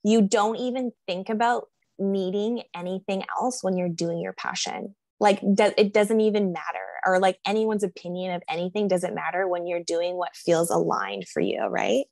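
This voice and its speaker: A woman's voice: mid-range voice, steady tone, normal speed, creaky, darkish tone, no room sound. A woman guest on a podcast interview, talking in a rambling, reflective way with many fillers. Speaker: guest, body acceptance coach.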